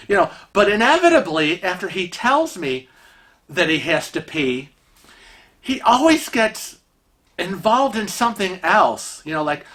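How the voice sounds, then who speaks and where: A man vlogger telling rambling, animated stories in a casual way, with many fillers. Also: high-pitched, a little slow. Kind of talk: casual storytelling.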